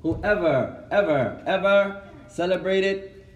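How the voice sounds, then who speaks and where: Man, religious teacher, high voice, animated, quizzes the class, roomy echo. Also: slow pace. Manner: animated, switches between Arabic and English, asks the class questions. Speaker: Islamic teacher. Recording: echoey room.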